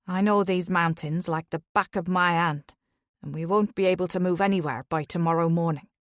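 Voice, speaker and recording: A woman's voice: on the low side, fairly even intonation, normal speed, no echo, clean studio sound, pitched below the performer's own voice, close to an everyday voice. A woman voicing an Irish taxi driver, blunt. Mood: blunt, matter-of-fact.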